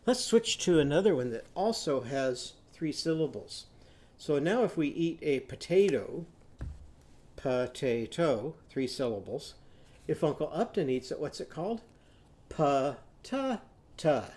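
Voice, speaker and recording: A man teaching young children a phonics lesson, patiently prompting them to repeat after him and sounding out words slowly. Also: a little high, sing-song, a little mellow. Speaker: literacy teacher.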